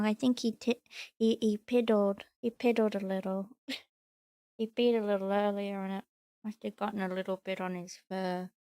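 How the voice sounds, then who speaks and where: A woman streaming from home, chatting casually and cooing to her pet in soft baby talk. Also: on the high side, dry recording, clean studio sound. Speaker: VTuber streamer.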